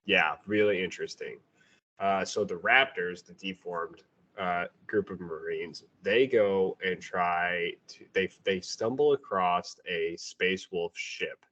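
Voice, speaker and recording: A man's voice: deep voice, slow pace, fairly bright tone. A man co-hosting a casual book review podcast, talking sarcastically and mimicking characters as he retells scenes. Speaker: podcast co-host. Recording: dull lo-fi audio.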